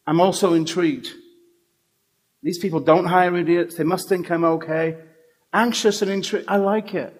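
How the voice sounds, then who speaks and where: A man's voice: high-pitched, fairly even intonation, moderate pace. A man putting on the voice of an anxious young woman who keeps agreeing and grows elated about her new job. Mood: agreeable. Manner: eager, repeats herself, gushing.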